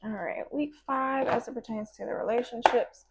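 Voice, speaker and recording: A woman does a casual tarot reading in a chatty, playful style, full of slang and asides, acting out little quoted voices in between. Her voice is fairly high at a moderate pace, and the recording is very noisy.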